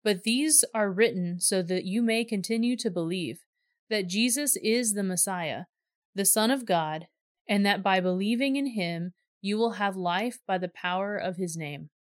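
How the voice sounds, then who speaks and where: Woman reader, measured scripted narration, dry close recording, mid pitch. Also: dry recording.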